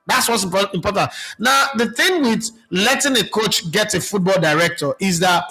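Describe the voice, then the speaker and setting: On a rough recording, a man with a Nigerian accent hosts a casual football stream in a high-pitched, expressive voice that is sharp in tone and husky, at moderate pace. Chatty, he blends Pidgin and English and reads viewer comments aloud.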